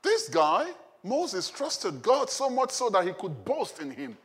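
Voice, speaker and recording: A man's voice: high voice, sing-song, a little slow, fairly bright tone. A male pastor preaching a sermon in a conversational way, often asking the congregation questions.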